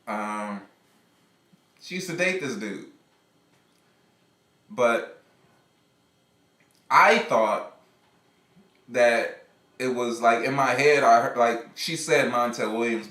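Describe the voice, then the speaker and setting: Rambling, animated streamer man. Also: mid-range voice, slow, pauses often, roomy sound. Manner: rambling, animated, laughs often. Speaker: live streamer. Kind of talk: casual profane storytelling.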